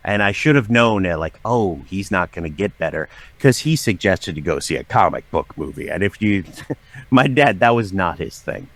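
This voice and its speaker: Animated man telling candid stories. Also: low-pitched, moderate pace. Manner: animated storyteller who acts out quoted voices. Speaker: guest, writer and voice actor. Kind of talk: candid storytelling conversation.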